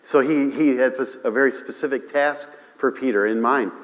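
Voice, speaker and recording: A man's voice: medium pitch, moderate pace. Preaching man in an echoing church. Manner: animated preaching, calls for amens, repeats himself. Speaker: pastor. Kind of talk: sermon. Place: church sanctuary.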